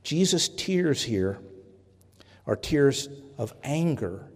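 A man preaching a sermon, earnest and deliberate, pausing often and correcting himself as he goes. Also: mid-range voice, sing-song. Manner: earnest, with pauses and self-corrections. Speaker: pastor. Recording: reverberant hall.

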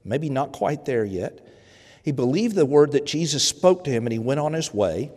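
A man's voice: medium pitch, very animated, normal speed, a little mellow. A man preaching a sermon in a conversational way, often repeating words and briefly acting out the people he quotes. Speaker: pastor. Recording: long hall reverb.

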